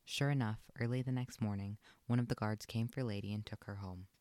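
A man narrating a children's storybook aloud in an expressive, lilting read. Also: lowish voice, fairly quick, no room sound.

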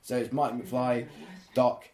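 A man's voice: mid-range voice, little pitch movement, a little slow, music in the background. A man chatting casually while watching a film, teasing his friend and sharing trivia, swearing now and then. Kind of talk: casual watch-along chat. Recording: roomy sound with crowd noise.

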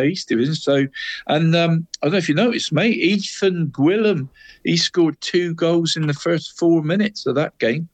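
A chatty man with a fairly high voice runs through local football results in casual sports chat. He keeps throwing "mate" and his co-host's nickname into nearly every line. The sound is close and dry. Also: no echo. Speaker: co-host of a local football show.

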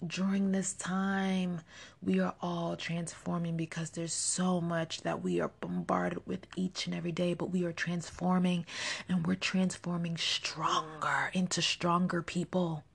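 Slow gravelly woman leading affirmations. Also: on the low side. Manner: slow, deliberate, encouraging, often drops to a whisper. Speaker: podcast host. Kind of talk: guided affirmations.

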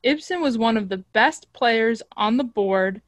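A woman reading the part of a male team executive in a casual script read, measured and formal. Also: on the high side, lively intonation, dry recording, studio quality. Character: male team executive defending his player.

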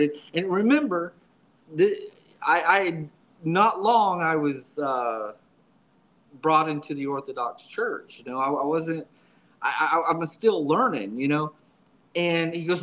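A man's voice: on the high side, moderate pace, sharp tone, low-quality recording. A man guest in an interview, a subdeacon telling his story in a casual, earnest way, often repeating words as he restarts his sentences.

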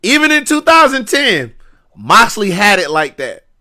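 Man, slangy podcast storyteller, bright and a bit high, lively retelling. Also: a little slow. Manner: animated, slangy, repeats himself. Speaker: podcast guest wrestler.

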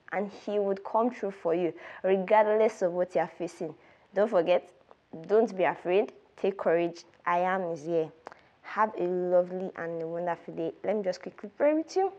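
A woman's voice: medium pitch, darkish tone, highs cut off. A young woman hosting a devotional podcast, retelling a Bible story in an earnest, storytelling way with casual asides. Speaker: podcast host.

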